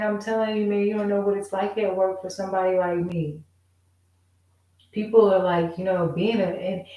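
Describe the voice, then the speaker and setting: A woman's voice: fairly low pitch, a little mellow, reverberant, distant mic, low-quality recording. A woman in a casual, rambling monologue, emphatic and repeating herself as she vents. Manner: rambling, emphatic, repeats "you know what I'm saying". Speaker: vlogger.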